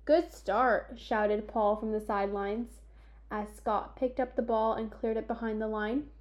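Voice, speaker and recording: Woman narrator, audiobook, fairly high voice, slow and measured. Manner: measured, expressive storytelling.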